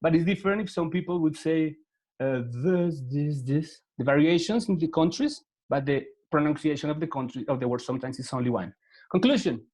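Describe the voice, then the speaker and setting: A man's voice: on the high side, a little mellow. A man who speaks English with a Spanish accent, teaching an online class over a video call. He talks patiently, repeats words and gives step-by-step instructions. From Latin America.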